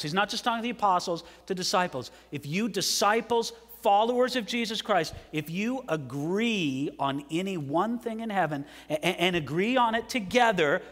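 A man's voice: high voice, a bit bright. A man preaching a sermon as pastor, emphatic and often asking the congregation questions. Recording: long hall reverb.

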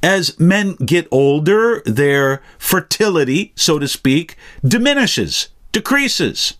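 A man preaching in a slow, deliberate way, his pitch rising and falling a great deal as he stresses his points. His voice sits a little higher than most men's. It is verse-by-verse Bible teaching with emphatic delivery. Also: sing-song, fairly bright tone. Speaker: pastor.

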